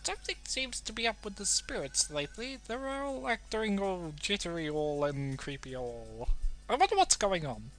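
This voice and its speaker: A man's voice: high-pitched, very animated, normal speed, fairly bright tone, faint music behind, voice pushed up, full character voice, low-quality recording. A man doing an uneasy British villager woman.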